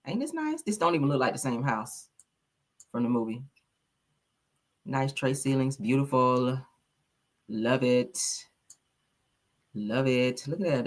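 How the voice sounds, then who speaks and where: Hosting a gossip channel, a woman with a deep voice and fairly bright tone chats casually and gushes, calling her viewers honey and child in her casual commentary.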